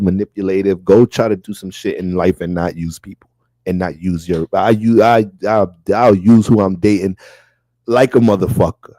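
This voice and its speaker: Man, astrologer, casual reading, low mellow voice, profane, loose, dry close sound. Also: no echo.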